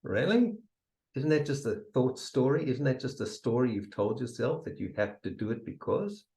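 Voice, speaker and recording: A man giving a motivational seminar talk, emphatic and repetitive, sometimes dropping to a soft near-whisper to demonstrate. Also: medium pitch, expressive, normal speed, low-quality recording. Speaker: seminar speaker.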